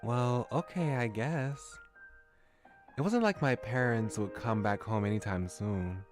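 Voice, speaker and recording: A man's voice: mid-range voice, unhurried, soft background music. A man streaming a visual novel, reading it aloud with chuckling, musing asides. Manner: chuckling, musing asides between read lines.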